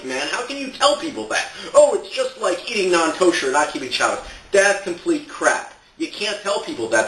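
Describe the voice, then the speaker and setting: A man's voice: high voice, pushed and bright, roomy sound, distant mic, rough recording. A man ranting sarcastically as a satire blogger, exasperated and laughing at his own points. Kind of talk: ranting monologue to camera.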